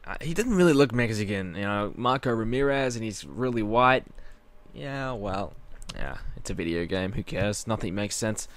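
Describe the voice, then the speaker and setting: A gaming channel host plays a wrestling video game and keeps up a loose, chatty commentary, frequently cutting himself off. His voice sits on the low side, animated, at a normal speed.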